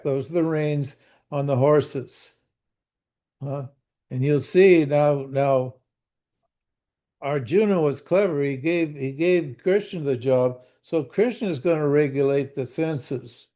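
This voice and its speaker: Older man teaching slowly, folksy and mellow. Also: a little high. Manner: folksy, asks the class questions, repeats words. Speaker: spiritual teacher. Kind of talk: conversational scripture teaching. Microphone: video call.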